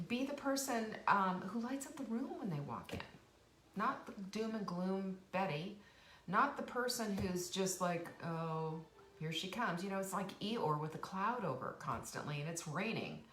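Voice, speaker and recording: A woman's voice: mid-range voice, fairly bright tone. A woman with a middle-range voice talks chattily to her live audience, cheering them on and circling back over her words. The room sounds echoey, with a faint hiss under her voice. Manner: chatty, encouraging, many restarts and asides. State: sniffly from dust, coughing now and then. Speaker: host of a cooking and life show. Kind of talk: casual motivational live stream talk. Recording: roomy home live stream, faint hiss.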